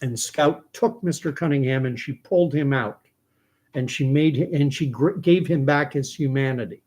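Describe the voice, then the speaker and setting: A man's voice: medium pitch, normal speed, darkish tone. A man from Canada, host of his own commentary show, retelling a film scene in a reflective way.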